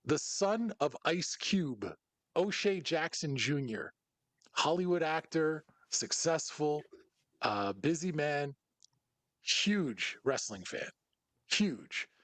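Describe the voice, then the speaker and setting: A man hosting a casual podcast chat, with a voice that sits a little high for a man. He tells stories with animation, bouncing between points. The sound is dry and close, with no room around it. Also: takes it slowly, no echo. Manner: animated storyteller who acts out other people's lines. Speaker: podcast host.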